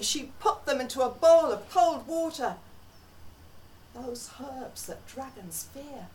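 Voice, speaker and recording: Slow, distant woman storyteller with guitar. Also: medium pitch, lively intonation, a little hiss or hum. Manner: slow, measured storytelling with dramatic pauses. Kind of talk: live folk tale telling. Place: conference venue, live audience. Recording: distant live recording with guitar.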